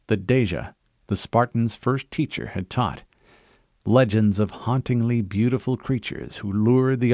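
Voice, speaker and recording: A low-pitched male narrator reading a novel, with a lively, wide-ranging delivery that rises and falls through the story. The sound is muffled and dry, close to a studio mic with no room around it. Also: dry recording. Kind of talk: audiobook narration.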